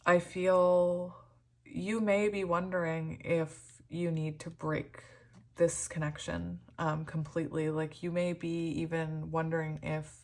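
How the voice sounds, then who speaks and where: A woman gives a pick-a-card tarot reading, sounding shaky and close to tears, hesitating with many pauses and ums. Her voice is deep and a little mellow, with a flat delivery.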